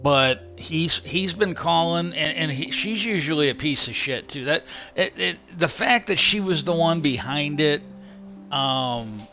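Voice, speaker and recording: Casting: male livestream host, bright voice, halting off-the-cuff commentary with faint music underneath. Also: a little high, animated. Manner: halting, restarts often, swears casually. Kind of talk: casual rambling commentary.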